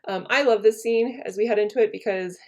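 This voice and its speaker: A woman's voice: mid-range voice, a little fast, a little mellow. A woman teacher casually walking students through a play scene, paraphrasing it in modern slang. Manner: chatty, paraphrases in modern slang, many fillers. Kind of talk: casual lesson walkthrough.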